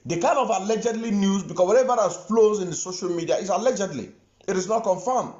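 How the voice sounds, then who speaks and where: A man's voice: high-pitched, fast, a little mellow, roomy sound, highs cut off. A man with a Nigerian Igbo accent giving impassioned online commentary, stressing his points by repeating phrases. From southeastern Nigeria. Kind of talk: impassioned social media commentary.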